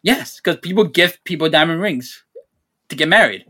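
A young man co-hosting a casual podcast, playful and teasing with quick interjections. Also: on the high side, animated, pushed and bright, husky. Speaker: podcast co-host.

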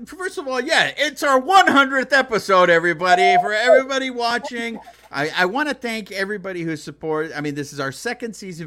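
A man co-hosting a sports podcast in casual chat, animated and often laughing. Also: sits high. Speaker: podcast co-host.

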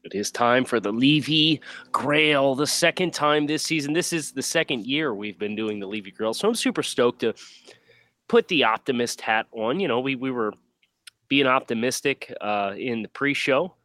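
A man's voice: medium pitch, moderate pace, fairly bright tone, dry recording. Easygoing male podcast co-host. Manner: easygoing, joking, some fillers. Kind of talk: casual sports podcast chat.

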